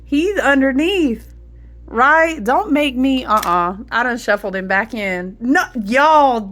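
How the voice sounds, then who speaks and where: A woman's voice: fairly high pitch, lively intonation, very slow, a bit bright. Chatty woman giving a rambling tarot reading. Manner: chatty and rambling, many fillers, addresses viewers as y'all. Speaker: tarot reader. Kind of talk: casual spiritual tarot reading.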